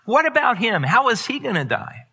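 A preacher doing a raised, questioning disciple. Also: male voice, very high-pitched, big pitch swings, normal speed, gravelly, bright, forceful tone, breathy edge, pitched above the performer's own voice, full character voice. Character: anxious curious male disciple.

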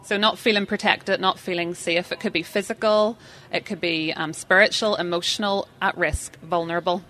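Woman seminar speaker, bright and forceful, chatty, keeps quizzing the room. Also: fairly low pitch, fairly even intonation, moderate pace. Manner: chatty, self-deprecating, questions the audience. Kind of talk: interactive live seminar talk.

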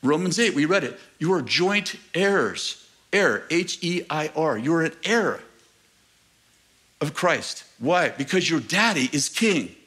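A middle-aged man preaching a sermon to his church, animated and joking with the congregation, asking rhetorical questions. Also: on the high side, takes it slowly, breathy edge. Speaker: pastor. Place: church sanctuary.

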